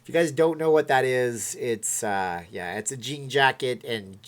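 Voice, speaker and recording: A man's voice: medium pitch, moderate pace. A man hosting a casual livestream, rambling and chatting as he reacts to viewer comments. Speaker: livestream host.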